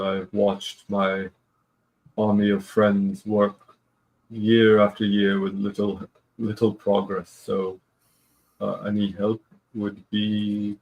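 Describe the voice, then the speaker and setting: A man voicing a gaunt, glum male ghost who speaks slowly and mournfully. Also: fairly low pitch, gravelly, a little mellow, breathy edge, exaggerated voice, low-quality recording. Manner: slow, mournful.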